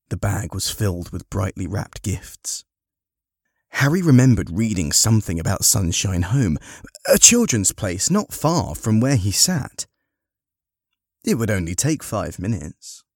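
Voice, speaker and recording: A man narrating a storybook in a slow, measured, expressive way. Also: on the low side, no room sound, studio quality.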